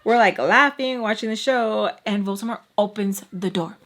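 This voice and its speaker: A woman telling a storytime vlog in an animated, chatty way, full of fillers. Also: mid-range voice, normal speed. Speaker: vlogger. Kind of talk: storytime while doing makeup.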